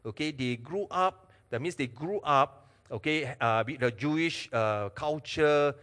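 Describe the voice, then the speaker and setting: A man preaching a sermon to a congregation, animated, asking them questions and joking. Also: fairly high pitch, unhurried. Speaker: pastor. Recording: long hall reverb.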